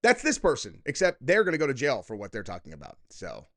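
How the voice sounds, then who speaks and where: A man's voice: mid-range voice, huge pitch swings, fast, a bit bright. A middle-aged man hosting a political reaction commentary, delivering a combative, profane, mocking rant.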